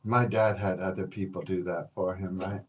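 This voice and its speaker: A man's voice: low-pitched, flat delivery, moderate pace, dull audio, slight background noise. A man hosting a podcast, rambling through stories in a profane, laid-back way and chuckling as he calls his listeners folks. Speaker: podcast host. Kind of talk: rambling solo storytelling.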